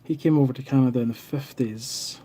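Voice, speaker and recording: A man's voice: medium pitch, a little fast, mellow, slight background noise. A Scottish man in his thirties, hosting a casual live stream from home and chatting as he reads out viewer comments. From Scotland. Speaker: livestream host. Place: home in Canada.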